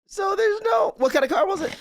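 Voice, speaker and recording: A man's voice: very high-pitched, lively intonation, brisk, a bit bright, no echo, clean studio sound. A man co-hosting a podcast, reacting with short, teasing interjections in casual chat. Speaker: podcast co-host.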